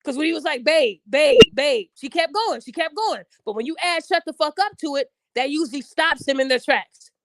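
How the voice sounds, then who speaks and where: A woman's voice: sits high, animated, a little fast, few pauses, fairly bright tone, no room sound. A woman hosting her own podcast, talking bluntly and casually, acting out quotes in raised voices. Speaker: podcast host. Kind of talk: casual chat.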